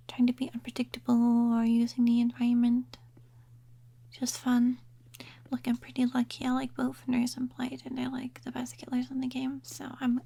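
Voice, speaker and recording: A woman talking softly and in a half-whisper as she ranks game characters in a relaxed ASMR chat, trailing off and restarting her thoughts. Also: sits high, vocal fry. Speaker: ASMR gaming creator. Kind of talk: soft-spoken ASMR chat. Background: quiet rain sounds.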